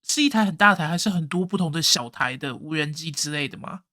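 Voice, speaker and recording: A woman hosting a reaction video, relaxed and thinking aloud as she comments, mixing in English words. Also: sits low, quick pace, no room sound, clean studio sound.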